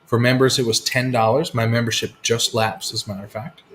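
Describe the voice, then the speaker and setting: A man's voice: mid-range voice, level tone, fairly quick, a bit bright, slight background noise. A man hosting a casual live whisky chat, laid-back and swearing freely as he tells stories. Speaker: whisky show host.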